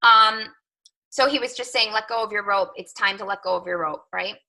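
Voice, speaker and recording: A woman's voice: mid-range voice, quick pace, gravelly, bright, forceful tone, rough recording. A woman in her thirties, a coach telling a personal story on a team call, chatty, with lots of "like" and "right?". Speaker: fitness coach.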